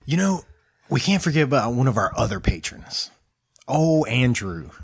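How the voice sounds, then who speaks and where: A man's voice: mid-range voice, big pitch swings, moderate pace, breathy edge, no echo, studio quality. A man in his thirties co-hosting a casual home podcast with his wife, teasing and joking. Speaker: podcast co-host. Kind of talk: casual chat.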